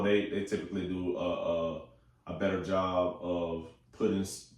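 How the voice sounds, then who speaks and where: Excitable young man in an echoey room. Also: low voice. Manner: excitable, slangy, swears freely. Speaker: movie talk host. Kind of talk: casual movie chat. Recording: echoey room, far from the mic.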